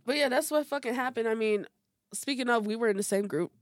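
A woman's voice: on the high side, fast talker, no echo, clean studio sound. A woman hosting a podcast in casual chat, talking candidly and bluntly and swearing freely. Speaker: podcast host.

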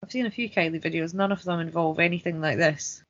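Chatty woman, low voice. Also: fairly even intonation, fairly bright tone. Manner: chatty, quick asides, wry. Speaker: podcast host. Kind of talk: casual chat watching along. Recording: dull lo-fi sound.

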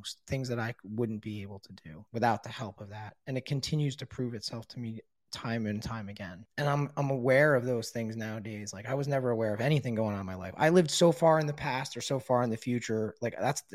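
A middle-aged man tells his own story with blunt honesty, swearing freely and leaning on casual fillers. His voice sits at an ordinary pitch. The recording is dry, with no room sound around him. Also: no room sound. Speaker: guest sharing his recovery story. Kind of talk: candid personal storytelling.

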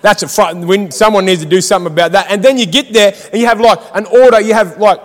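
A man's voice: sits high, fast, in a large hall. A man preaching a sermon in a church, fired up and exhortative, calling out to the congregation. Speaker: pastor.

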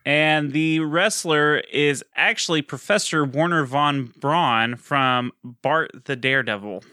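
A man's voice: fairly high pitch, takes it slowly, sharp tone, no room sound, studio quality. A man co-hosting a casual podcast, rambling and swearing with lots of fillers. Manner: rambling, profane, with frequent fillers and laughs. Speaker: podcast co-host.

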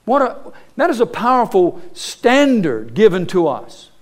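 A pastor preaching a sermon, earnest and emphatic, asking his congregation rhetorical questions and pausing for weight. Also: high-pitched, very animated. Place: church sanctuary.

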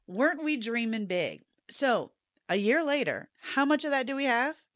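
Speaking at normal speed in a fairly high voice, a rural Southern American podcast host chats through a storytelling monologue with plenty of laughter. Her retelling of dialogue is lively and animated. There's no echo, and the studio sound is clean.

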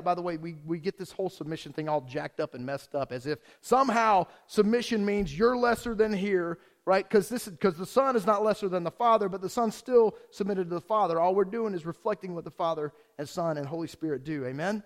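Here a male pastor whose voice sits high preaches with energy, trading jokes with his congregation. He shifts rapidly from reading passages to telling stories.

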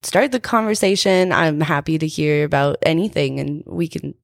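Low, gravelly-voiced woman guest. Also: normal speed, no room sound, clean studio sound. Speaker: guest, terrain park builder. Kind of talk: casual podcast interview. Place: booth in a lodge bar.

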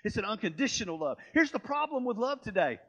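A man preaching a sermon, telling a story and swinging between hushed and loud, fervent passages. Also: sits high, sing-song, fast. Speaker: pastor.

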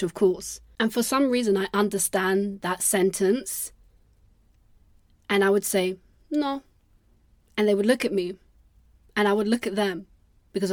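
A woman's voice: medium pitch, dry recording. Young woman, podcast host, casual rambling monologue, self-deprecating and sweary, dead-dry close mic.

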